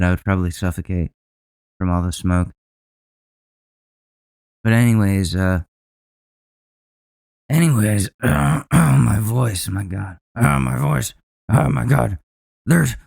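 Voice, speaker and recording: A man's voice: fairly low pitch, creaky, clear, resonant tone, dry recording. A man hosting a comedic solo podcast, riffing crudely and sarcastically about news clips. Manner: mocks public figures in a put-on voice. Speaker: podcast host.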